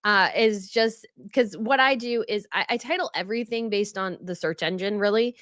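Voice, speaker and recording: A woman's voice: mid-range voice, moderate pace, a bit bright, no echo, clean studio sound. A woman hosting a royal news livestream, chatting casually and reading viewer comments, rambling and laughing often. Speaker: royal news channel host.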